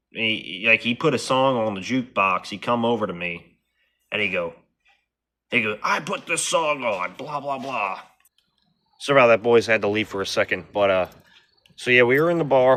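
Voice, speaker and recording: A man's voice: on the low side, pushed and bright. Profane, rambling middle-aged man. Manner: rough, profane, rambling delivery. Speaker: vlogger telling a story. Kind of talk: casual storytelling.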